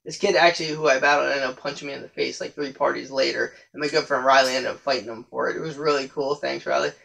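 Gravelly young man rambling casually. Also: mid-range voice, fairly even intonation, fast, a bit bright, low-quality recording. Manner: rambling, profane, self-correcting. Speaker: podcast host. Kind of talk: casual storytelling monologue.

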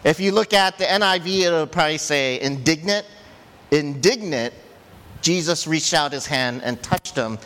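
Animated male preacher in a reverberant hall. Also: normal speed. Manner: animated, laughs often, rises sharply in pitch for emphasis. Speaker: pastor. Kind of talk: sermon.

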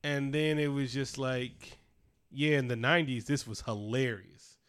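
Man, casual podcast chat, smooth resonant voice, swears a lot, laughs at his own stories. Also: mid-range voice, a little slow, a bit bright. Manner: profane, laughing storyteller. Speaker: podcast co-host.

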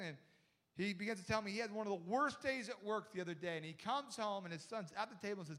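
A young man preaching a sermon with a high voice. He tells a story with animated energy, quoting people in quick bursts and repeating words as he goes. His delivery jumps between loud, excited moments and hushed asides. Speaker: pastor.

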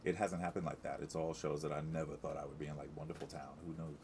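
Middle-aged man, very low voice, rambling chatty guest with faint hiss behind. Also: little pitch movement, fast talker, darkish tone. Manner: chatty, rambling with many restarts and fillers. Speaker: Broadway actor, guest. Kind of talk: casual interview chat.

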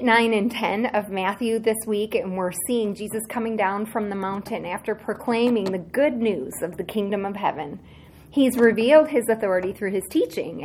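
A woman's voice: mid-range voice, slight background noise. Earnest woman teaching a Bible lesson. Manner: earnest, slow, emphatic phrasing with soft asides.

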